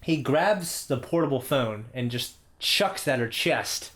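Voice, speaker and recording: A man in his thirties spins a rambling story from his teenage years, swearing freely and punctuating it with "okay?" and "all right?". His voice sits at an ordinary middle pitch and has a loose, chatty podcast feel. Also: a little slow. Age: 30s. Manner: profane, animated anecdote with frequent "okay?" asides. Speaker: podcast co-host. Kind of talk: casual storytelling.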